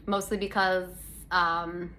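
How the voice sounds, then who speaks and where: A woman's voice: on the low side, level tone, takes it slowly, pushed and bright. A young adult woman from Canada, hosting a casual solo podcast chat in a sarcastic, rambling way with lots of self-corrections. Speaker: podcast host. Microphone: phone.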